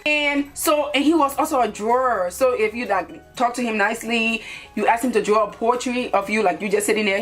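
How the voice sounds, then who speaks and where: A woman's voice: fairly high pitch, a little fast, a bit bright, soft background music. A young woman from Liberia telling a casual storytime to her viewers, blunt and profane, speaking straight to them. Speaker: YouTuber.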